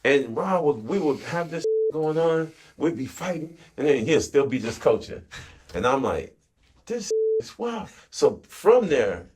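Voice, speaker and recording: A man, a retired football player, telling stories in an animated interview, acting out quotes, swearing freely and laughing as he talks. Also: on the high side, a little slow, a little hiss or hum.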